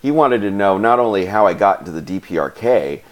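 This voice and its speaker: A man telling a travel story in a casual, animated way, laughing often and acting out the people he met. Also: on the low side, a little fast. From United States. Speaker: travel vlogger.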